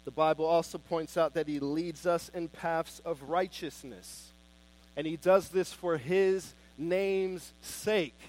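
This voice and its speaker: A man preaching a sermon with fervent emphasis, swinging between loud declarations and soft, hushed pleas. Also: on the high side, fairly even intonation, slow.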